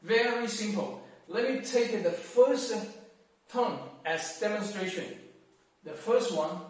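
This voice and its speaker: Slow, echoey man teaching. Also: high voice, animated, distant mic. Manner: careful, deliberate, drawn-out syllables in demonstrations. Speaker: language teacher. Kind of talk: slow explanatory lesson. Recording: very echoey room, off-mic.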